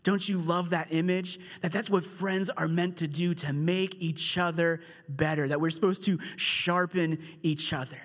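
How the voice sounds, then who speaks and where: A man's voice: fairly high pitch, fairly even intonation, normal speed, hardly any pauses, a bit bright, long reverb tail. A male pastor preaching a sermon in a conversational storytelling way, with humorous asides.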